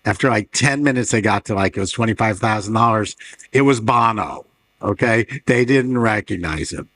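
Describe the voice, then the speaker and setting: Middle-aged interviewer guy, lowish voice, quick questions, dry jokey asides. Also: fairly bright tone. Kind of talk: casual panel conversation.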